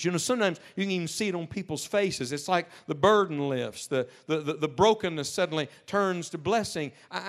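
A man preaching a sermon, telling a story earnestly, dropping to a hush and then rising to emphatic peaks. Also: high-pitched. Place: church service with a live audience.

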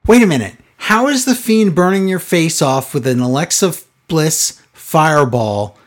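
A man with a somewhat high voice talks in a loose, casual chat. He is sarcastic and exasperated, mocking what he describes and often asking disbelieving questions. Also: animated, unhurried. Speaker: podcast co-host recapping wrestling.

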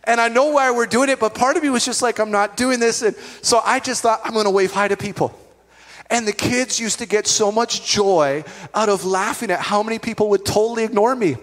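A middle-aged man preaching as a pastor, conversational and animated, telling stories with asides to the congregation. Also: high-pitched, a little fast, few pauses. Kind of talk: sermon. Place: church hall. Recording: long reverb of a church hall.

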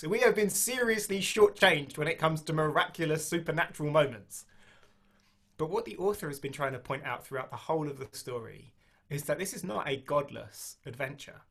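A man delivers a sermon in a relaxed, conversational way, with a few restarts as he thinks aloud. His voice sits a little higher than most men's. When he reads scripture he slows down and leans on the key phrases. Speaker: preacher.

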